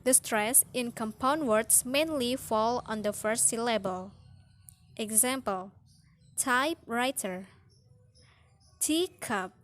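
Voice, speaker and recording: A woman reads through a phonetics lesson on word stress in a slightly high voice. She goes slowly and carefully, drawing out each example word as she recites the rules.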